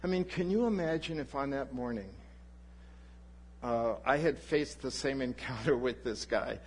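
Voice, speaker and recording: A male pastor preaching a sermon, telling a personal story in an animated way and acting out the people in it. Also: mid-range voice, normal speed, slight background noise. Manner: animated anecdote, voices the people in his story.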